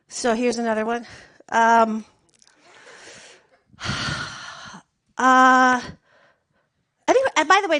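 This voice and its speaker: High-voiced woman doing rambling stand-up. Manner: rambling, deadpan storytelling with filler words. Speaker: stand-up comic. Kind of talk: stand-up comedy set.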